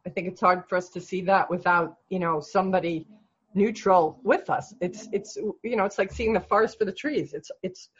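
A coach speaking calmly and reflectively, guiding the other person with gentle prompts. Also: mid-range voice, moderate pace, slightly rough, lo-fi sound.

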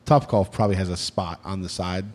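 This low-pitched American podcast co-host keeps a fairly even intonation and a brisk pace. He jokes around with his partner, now and then erupting in loud, mock-outraged outbursts.

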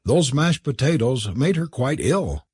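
A brisk young lady of the house, stern and commanding, with a faint note of amusement, as a man puts her on. Her voice sits higher and sounds husky and dry. A storybook character read aloud. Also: lively intonation, darkish tone, dry recording.

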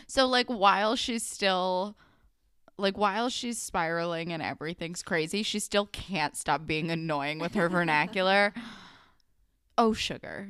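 Young woman, lower clear voice, chatty, casual swearing, dry close sound. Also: normal speed, fairly bright tone, no room sound. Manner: chatty, swears casually, lots of likes and ums. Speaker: podcast co-host. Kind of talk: casual chat recapping a TV episode.

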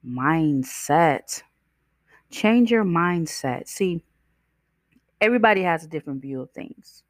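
A podcast host delivers motivational self-help talk in a low, lively voice, speaking slowly and conversationally while posing questions to the listener. She acts out the voices of people in her stories. The dry recording has clean studio sound.

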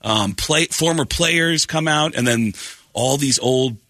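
Casual: arizona comedian guy doing voices in his stories, bright tone. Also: medium pitch, slow, dry recording. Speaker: comedian guest. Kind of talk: casual podcast storytelling.

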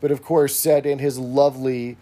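A man with a mellow, softly dark voice walks through an episode's plot on a casual podcast. He talks in a steady, explanatory way at an ordinary pitch. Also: normal speed. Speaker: podcast co-host.

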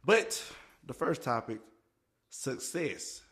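A man's voice: mid-range voice, takes it slowly. Playful man hosting, echoey room. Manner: playful, animated, joking. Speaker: podcast host. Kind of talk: casual chat. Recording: echoey room with faint noise.

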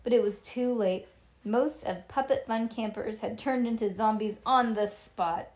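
A woman reading a children's book aloud to a child, lively and animated, with little asides. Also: fairly high pitch, a little slow.

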